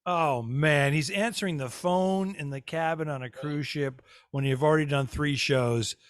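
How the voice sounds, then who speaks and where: Male co-host, higher pitch, foul-mouthed and ribbing, dry close sound. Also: normal speed, no room sound. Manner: incredulous, profane, teasing. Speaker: podcast co-host. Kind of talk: casual podcast banter.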